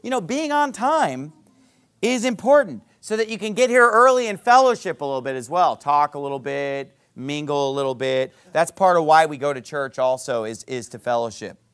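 Man, pastor preaching, high voice, emphatic, rhetorical questions, middle-aged. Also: expressive, normal speed, a bit bright, clear, resonant tone. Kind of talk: sermon. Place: church auditorium.

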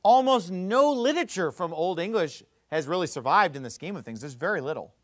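Animated, high-voiced male lecturer. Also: brisk, dry recording, studio quality. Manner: animated, explanatory, joking asides. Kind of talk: classroom lecture.

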